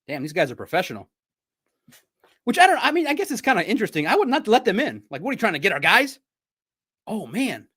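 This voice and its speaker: A man hosting a sports podcast, chatting casually and telling animated stories with frequent laughter. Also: high voice, fast talker, long pauses, husky. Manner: animated storyteller, laughs often, mimics shouting. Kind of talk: casual livestream chat.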